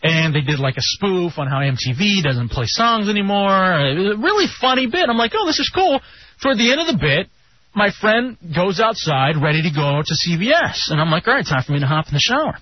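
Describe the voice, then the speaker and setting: A high, husky male voice that leaps all over the place as he tells a story on a radio show, sliding up sharply whenever he gets indignant. It sounds dull and lo-fi, like an off-air broadcast recording. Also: a little fast, dry recording. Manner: animated, jumps to high pitch when indignant. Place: radio studio.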